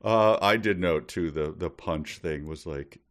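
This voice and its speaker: A man's voice: low voice, unhurried. A man co-hosting a comedy podcast, reading from a book and complaining about its writing with dry, exasperated humor. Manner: exasperated, dry commentary with laughs. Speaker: podcast co-host.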